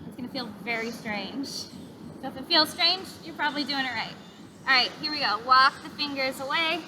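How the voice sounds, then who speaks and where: A woman instructor gently guiding a parent and child yoga class, cueing breaths and poses with encouragement. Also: sits high, a little fast, background noise. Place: outdoors in a park.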